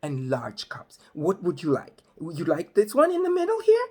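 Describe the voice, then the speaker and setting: A man voicing an eager small-town woman coffee clerk who over-explains everything slowly. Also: fairly low pitch, huge pitch swings, a little mellow, husky, pitched above the performer's own voice, full character voice. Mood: eager, coaxing. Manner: slow, overly helpful, spelling everything out.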